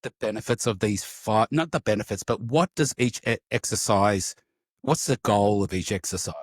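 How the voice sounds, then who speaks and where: A man's voice: medium pitch, moderate pace, no echo. Candid man, dry close sound. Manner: candid and animated, swears casually. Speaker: podcast host. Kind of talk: casual storytelling in conversation.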